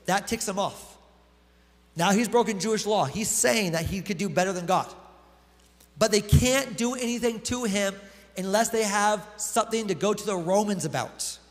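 A man with a high voice preaches a sermon, reading scripture and then talking it through in a relaxed, conversational way. His voice rings out with a long hall reverb, as in a church hall. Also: moderate pace. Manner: reads scripture aloud, then explains it conversationally. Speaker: pastor.

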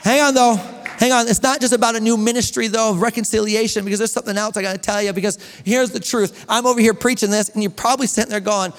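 Man, pastor, high voice, energetic sermon, long hall reverb. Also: quick pace, hardly any pauses. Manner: energetic, rising to near-shouts. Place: church sanctuary.

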